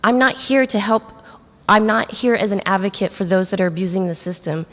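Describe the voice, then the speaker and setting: A woman giving an earnest, firm public comment at a city meeting. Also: medium pitch. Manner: earnest, firm, slightly halting. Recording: echoey council chamber.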